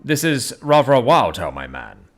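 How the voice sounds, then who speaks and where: A man's voice: mid-range voice, big pitch swings, moderate pace. A man voicing a stern, peevish middle-aged male lawyer who talks in a clipped way.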